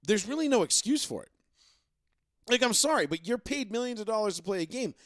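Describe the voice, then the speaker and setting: Rambling high-voiced male co-host. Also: lively intonation, brisk, no echo, studio quality. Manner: rambling, filler-heavy storytelling. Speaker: podcast co-host. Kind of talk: casual sports talk.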